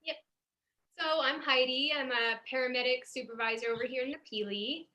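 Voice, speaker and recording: Over a Zoom call during an online CPR class, a woman paramedic supervisor shares earnest stories from her job. Her voice is high, a little fast and sharp in tone, and she gets emotional, often restarting her sentences.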